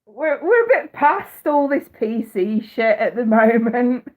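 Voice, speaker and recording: A woman's voice: a little high, sing-song, measured pace, darkish tone. A British woman in her thirties, a psychic reader chatting casually on a live stream, blunt and profane and often laughing. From United Kingdom. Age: 30s. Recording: tinny phone-like audio.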